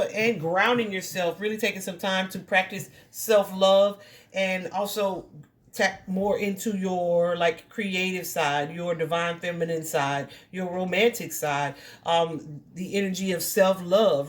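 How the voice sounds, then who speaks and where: A woman giving a casual tarot reading to her viewers, chatty and reassuring, full of fillers and restarts. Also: medium pitch. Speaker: tarot reader.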